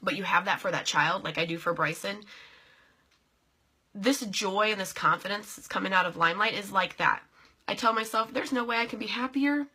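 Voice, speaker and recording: A woman's voice: mid-range voice, moderate pace, bright, forceful tone, husky. Bubbly, goofy young woman vlogger. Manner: bubbly and goofy, talks to viewers by name. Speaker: vlogger and direct sales team leader. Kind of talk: casual live video chat.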